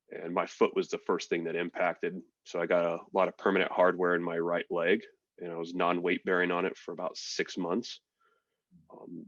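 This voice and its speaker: A man with a very low voice talks through his story in a frank, easygoing way, tossing in fillers and swear words. The sound is dry and a little dull, like a lo-fi recording. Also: a bit bright, no echo. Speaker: podcast guest, military veteran. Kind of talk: casual storytelling.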